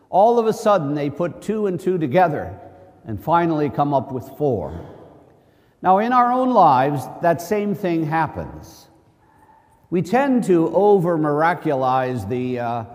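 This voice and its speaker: A Catholic priest gives a conversational sermon in church, his voice fairly high with a darkish tone. He fills it with rhetorical questions and joking asides. Long church reverb surrounds the recording.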